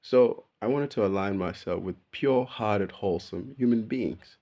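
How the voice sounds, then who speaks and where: A young male vlogger chats casually to camera about personal things in a relaxed, slangy way. His voice is on the low side at a normal speed, and he often calls the listener bro and laughs at himself while telling stories.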